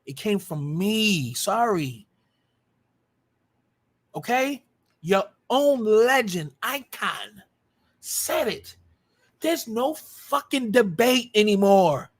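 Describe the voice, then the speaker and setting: A man's voice: sits high, sing-song, extremely slow, pauses often. A man hosting a livestream, arguing in a combative, profane way and repeating himself for emphasis. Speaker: live stream host. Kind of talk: heated livestream commentary.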